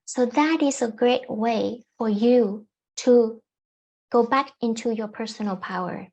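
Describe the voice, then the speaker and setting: A woman life coach speaks to camera with calm, gently instructive self-help advice, often going back over her points. Her voice sits a little high and unhurried, and the recording sounds muffled.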